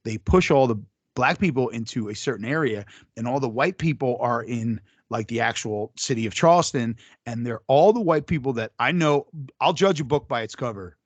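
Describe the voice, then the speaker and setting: A man's voice: mid-range voice, expressive, normal speed, hardly any pauses, no room sound. A man co-hosting a casual podcast, speaking bluntly and swearing freely. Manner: blunt and profane. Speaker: podcast co-host.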